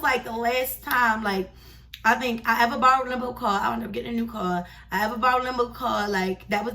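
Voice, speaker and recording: High bright animated young woman. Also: distant mic, slight background noise. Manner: animated, chatty, slangy storytelling. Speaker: vlogger. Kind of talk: casual storytime vlog.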